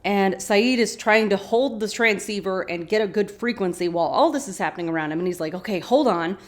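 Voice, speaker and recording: A woman's voice: medium pitch, fairly quick. Chatty woman recapping a TV episode. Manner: animated, chatty asides. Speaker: podcast host.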